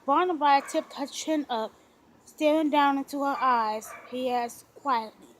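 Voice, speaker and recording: Female audiobook narrator, high-pitched, gentle romance storytelling. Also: a little slow, slight background noise, poor audio. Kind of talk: scripted narration of a romance novel.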